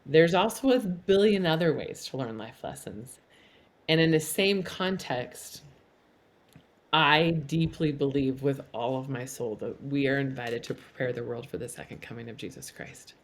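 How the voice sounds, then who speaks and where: A middle-aged woman speaking as a podcast guest, earnest and animated, laughing at herself now and then. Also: very deep voice, moderate pace. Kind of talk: candid conversational interview.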